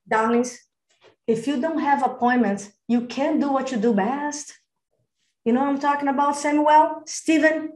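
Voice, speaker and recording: Energetic woman coaching on a video call. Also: fairly high pitch, echoey room. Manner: energetic, emphatic, calls attendees by name and "darling"; acts out phone calls and client dialogue. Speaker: real estate business coach. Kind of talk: live coaching session over video call.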